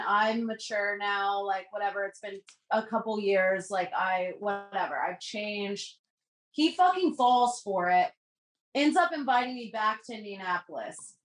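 A young woman telling a casual personal story with lots of swearing, acting out what each person said. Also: fairly high pitch. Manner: animated, swears freely, acts out dialogue. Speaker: podcast guest. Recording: echoey room.

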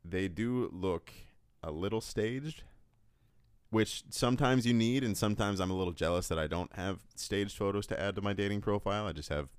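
A man's voice: lowish voice, quick pace, hardly any pauses, smooth, dry recording. A man co-hosting a casual podcast, reading listener emails aloud in a dry, playful way. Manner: dry, playful delivery with frequent laughs.

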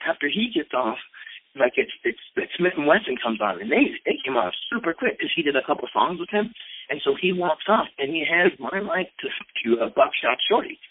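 A man in his late fifties telling a story in a casual, animated way, full of fillers. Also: a little high, brisk, dry recording. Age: 50s. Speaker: skateboarder and rapper. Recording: tinny phone-like radio sound.

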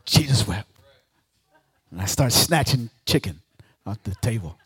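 A guest pastor preaching a sermon to a congregation. He acts out the speakers he quotes and swings from loud declarations down to hushed near-whispers. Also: mid-range voice, lively intonation, normal speed, slightly rough, no room sound.

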